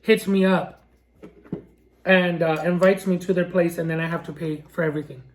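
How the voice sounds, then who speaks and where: A woman's voice: fairly low pitch, fairly even intonation, normal speed, a little mellow, slight background noise. A woman food vlogger talking casually to camera in a sassy, ranting way and laughing often. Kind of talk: casual mukbang vlog chat.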